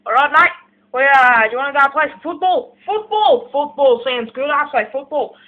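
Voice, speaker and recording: Amateur bit: woman does a jokey Australian bloke; high voice, phone-like sound. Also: animated, normal speed. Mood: brash. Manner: brash, jokey. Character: put-on Australian-accented blokey mate.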